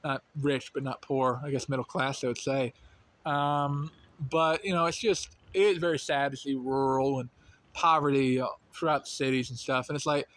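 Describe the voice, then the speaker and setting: Here the same young North Carolina host has a steady, mid-range voice with a fairly bright tone, moving at a normal speed. His light Southern accent carries a loose, wandering monologue where he keeps restarting and dropping in fillers.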